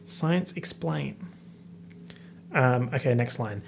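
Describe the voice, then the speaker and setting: A man in his late twenties hosting a casual lyric breakdown, excitable, breaking into sudden outbursts and whispered asides. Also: mid-range voice, unhurried, creaky, pauses often, a little hiss or hum. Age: late 20s. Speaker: host.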